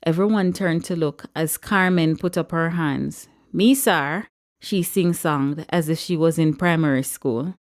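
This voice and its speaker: A woman narrates a story with a lively, character-driven delivery. Her voice sits a little low, and she keeps her pacing relaxed and expressive. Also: unhurried, hardly any pauses. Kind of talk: audiobook narration.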